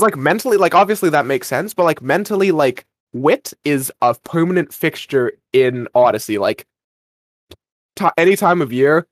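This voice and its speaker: Casting a young male podcast co-host: a touch high-pitched, rambling and self-mocking, quick character bits, dry booth sound. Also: no echo. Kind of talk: casual podcast recap.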